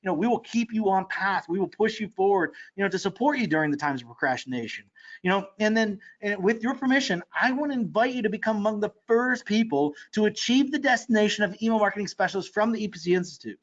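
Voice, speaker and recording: An online marketing course seller, male, delivers an excitable sales pitch in a high-pitched, rapid-fire voice. He talks fast with many fillers and restarts, and the audio is dull and lo-fi.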